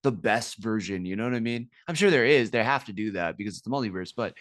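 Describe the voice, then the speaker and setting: A man's voice: lowish voice, expressive, fast talker, no echo, studio quality. A man co-hosting a podcast, talking casually about a movie and rambling through fillers and restarts. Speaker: podcast co-host.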